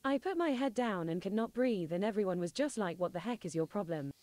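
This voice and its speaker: A text-to-speech woman's voice reading viewer chat messages aloud with a flat synthetic delivery. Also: mid-range voice, brisk, dry recording.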